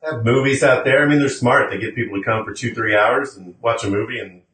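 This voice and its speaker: A man's voice: mid-range voice, fairly even intonation, fast talker, fairly bright tone, distant mic. A Midwestern American man co-hosting a podcast in casual chat, laid-back and trailing off with fillers. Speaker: podcast co-host. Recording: roomy sound from off-mic.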